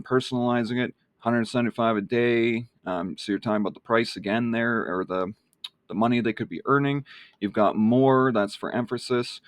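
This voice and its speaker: A man's voice: medium pitch, dry recording, studio quality. A man explaining his email marketing in a casual walkthrough, with many fillers and a rambling manner. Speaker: online marketing vlogger.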